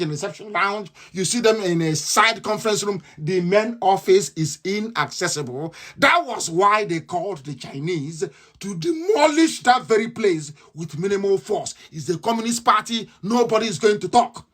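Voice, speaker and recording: A man's voice: high-pitched, fairly bright tone. A man with a Nigerian accent giving a combative, mocking live radio address, repeating his points again and again. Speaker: radio broadcaster.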